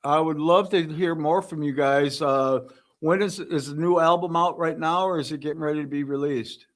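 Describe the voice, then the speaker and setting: A man's voice: a little high, steady tone, moderate pace. A man hosting a casual interview, easygoing and encouraging, with short affirmations as his guest talks. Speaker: interviewer host.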